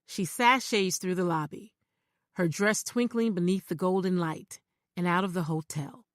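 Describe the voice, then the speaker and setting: A woman's voice: on the low side, normal speed, dry recording. Woman narrating a thriller, dry close sound. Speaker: audiobook narrator. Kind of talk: scripted first-person thriller narration.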